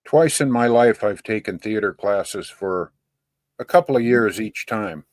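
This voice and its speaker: A man's voice: lowish voice, a little slow, dry recording. Sixtyish guy on a podcast, dry close mic, bit of a ham, teasing his buddy. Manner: lively, self-described ham, teasing. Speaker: podcast co-host. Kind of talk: casual chat.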